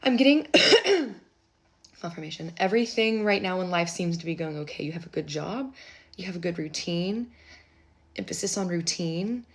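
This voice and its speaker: A woman giving a casual live tarot reading, chatty and rambling, with offhand asides and quiet muttering. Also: fairly low pitch, animated, normal speed, breathy edge. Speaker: tarot reader.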